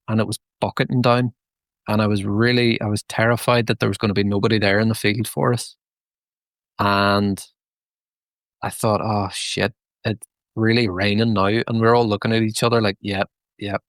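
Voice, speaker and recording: A man's voice: on the low side, gravelly, no room sound. A Northern Irish man in his thirties, a band frontman chatting casually in an interview, rambling through stories with lots of restarts and fillers. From Northern Ireland. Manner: rambling, many restarts and fillers, relaxed storytelling.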